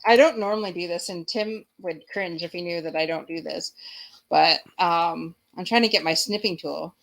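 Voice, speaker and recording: A woman's voice: on the low side, moderate pace, gravelly. A woman hosting a live-streamed chat show, bubbly and giggly, rambling with fillers as she talks to guests and viewers. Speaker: host.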